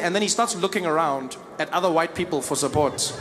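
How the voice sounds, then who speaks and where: South African male stand-up, high and animated storyteller, live crowd behind. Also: racing, few pauses. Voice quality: animated storytelling, acting out scenes. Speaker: stand-up comedian. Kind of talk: stand-up comedy. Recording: live stage mic with audience noise.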